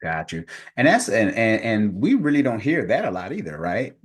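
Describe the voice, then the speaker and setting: A man in his forties hosting a podcast, talking in a relaxed, affirming way. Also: on the low side, moderate pace, slightly rough. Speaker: podcast host. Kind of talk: podcast conversation.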